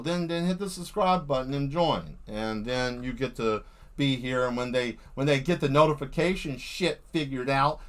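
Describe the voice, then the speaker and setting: A man hosting a live art stream, rambling and joking with lots of swearing while he paints. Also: high-pitched. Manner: profane, animated, jokey, acts out quick voices.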